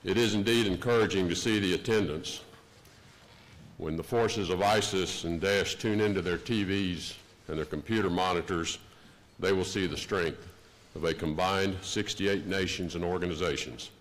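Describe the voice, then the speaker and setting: Older male official with a Texan accent, low voice, slow formal conference keynote. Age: 60s. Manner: measured, deliberate delivery. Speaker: diplomat giving an opening address. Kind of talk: formal prepared speech. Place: conference hall.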